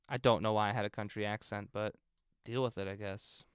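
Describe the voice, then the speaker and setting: A film composer chats casually and thinks aloud while mixing game music on a live stream, answering viewers in chat. His voice is on the low side, brisk and steady in tone, and clean.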